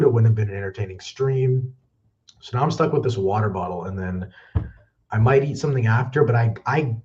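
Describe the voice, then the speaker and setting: With a fairly low pitch and a dark tone, a young man hosts a casual movie news livestream, a touch breathless. His chat is rambling, apologetic, and self-deprecating. Since he's using a backup mic in place of his regular one, the audio sounds dull and lo-fi.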